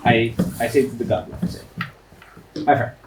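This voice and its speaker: A man's voice: medium pitch, flat delivery, fast talker, reverberant, distant mic, noisy background. A man playing a tabletop game and speaking in character in a courtly, persuasive manner. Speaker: player. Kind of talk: in-character tabletop role-play.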